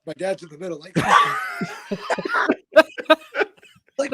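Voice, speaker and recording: A man's voice: on the high side, normal speed, long pauses, slightly rough. A young man telling a rowdy story as a guest fighter, swearing freely and acting out the voices of the people in it. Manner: animated, swearing, acts out quoted voices. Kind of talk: casual storytelling.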